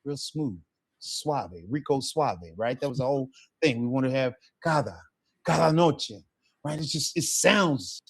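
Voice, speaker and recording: A man's voice: mid-range voice, a little slow, husky. A man teaching a live Spanish lesson, encouraging his student and checking in with frequent questions.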